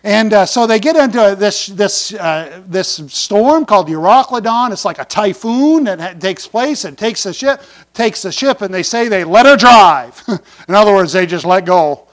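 A man preaching a sermon in a conversational way, asking the congregation questions and paraphrasing scripture, moving between loud emphatic lines and quiet asides. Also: high voice, expressive, normal speed. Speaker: pastor.

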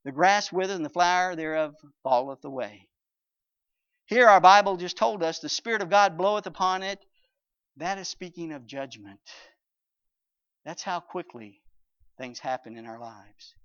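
An older man preaching a sermon and reading scripture aloud, swinging between loud and soft and drawing out key phrases. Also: a little high, smooth. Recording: dull lo-fi recording.

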